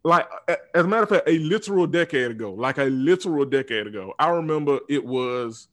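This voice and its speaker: A man in his twenties rants casually and bluntly about politics, swearing freely. His voice sits a touch high for a man. He drops to quiet mutters and then bursts back loud with laughter. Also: animated, brisk. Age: 20s. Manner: blunt, profane, swings from low mutters to loud laughing outbursts. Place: southern United States.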